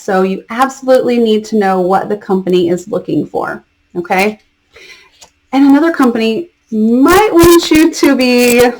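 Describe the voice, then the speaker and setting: A woman who teaches English online gives casual advice to other teachers in a friendly, chatty way. She stresses key words and often checks in with "okay?". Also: a little high. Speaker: online ESL teacher and mentor.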